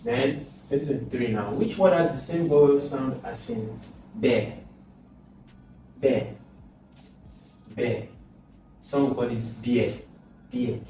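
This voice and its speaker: A man's voice: medium pitch, slow, long pauses, mellow, soft background music. Guy tutoring, far from the mic in a really echoey room. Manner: asks and answers his own questions. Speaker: exam prep tutor. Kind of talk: explaining exam questions.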